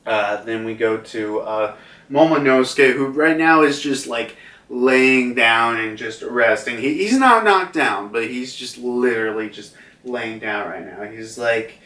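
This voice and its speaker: A man's voice: mid-range voice, unhurried, bright, forceful tone. A man giving a casual manga chapter review, rambling with lots of fillers. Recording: roomy echo, distant mic.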